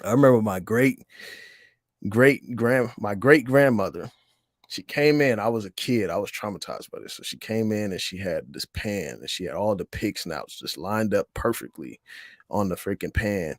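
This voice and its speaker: Man, lowish voice, dry close sound, casual rambling livestream chat. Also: lively intonation, moderate pace, no room sound. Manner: rambling, laid-back, lots of fillers and slang. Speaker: host of an investing livestream. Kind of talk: casual livestream chat reading viewer comments.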